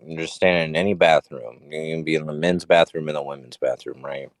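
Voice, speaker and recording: Low-voiced hesitant young man, dry sound. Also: fairly even intonation, a little fast, no room sound. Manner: hesitant, full of ums, pitching odd scenarios. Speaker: podcast co-host. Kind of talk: casual comedy chat. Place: parked car, window down.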